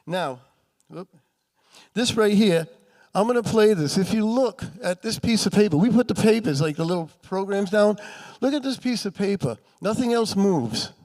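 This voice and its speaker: A man's voice: sits high, lively intonation, normal speed, darkish tone. A man telling ghost stories to a live audience, chatty and acting out quoted voices. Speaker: paranormal author and speaker. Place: festival room with audience.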